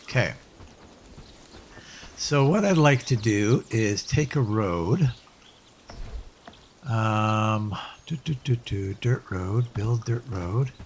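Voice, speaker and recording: A man's voice: lowish voice, animated, slow, long pauses, slight background noise. A man casually commenting as he plays a game, musing aloud with hesitant restarts. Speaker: let's play host.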